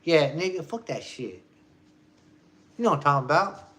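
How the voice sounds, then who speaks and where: Man putting on a loud swaggering street tough. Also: a little high, very animated, normal speed, pitched above the performer's own voice. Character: mocking macho street tough, adult male.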